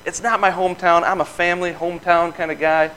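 A man in his thirties from the Midwest giving an informal testimony at a church, telling a story in an earnest, folksy way with quick laughs. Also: sits high, little pitch movement, pushed and bright, slight background noise, low-quality recording. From Michigan. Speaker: lay speaker giving testimony.

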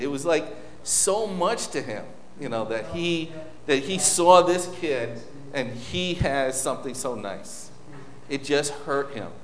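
A man's voice: medium pitch, normal speed, a little hiss or hum. Man preaching in a reverberant hall. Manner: informal, anecdotal, with many restarts. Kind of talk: conversational sermon. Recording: echoey hall with long reverb.

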